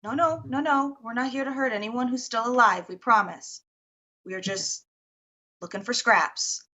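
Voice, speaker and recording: Female player, bright and sharp, chatty, lo-fi. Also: fairly high pitch. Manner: chatty, quick to laugh. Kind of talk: tabletop role-play. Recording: slightly dull lo-fi sound.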